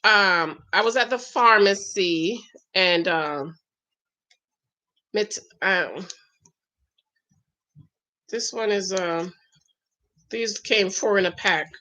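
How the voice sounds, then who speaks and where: A woman's voice: medium pitch, very slow, pauses often, sharp tone. A woman vlogger chatting casually while reading viewer comments, emphatic and talkative, often adding "okay?". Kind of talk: casual live-stream chat.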